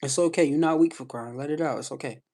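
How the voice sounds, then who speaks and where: A man's voice: on the high side, fast talker, a little mellow. A man coaching callers on a live stream, speaking in firm, repetitive phrases. He keeps checking in with his listener and stresses each point with the same catchphrases. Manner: emphatic, repeats "you know what I'm saying". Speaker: live stream host giving advice. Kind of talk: casual coaching talk to callers.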